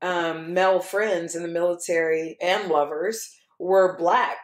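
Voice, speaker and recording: A woman's voice: on the low side, unhurried, reverberant. A woman from Texas hosting a podcast, telling stories in casual conversation and voicing other people in her anecdotes. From Texas, USA. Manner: animated storyteller, voices others in quotes. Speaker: podcast host.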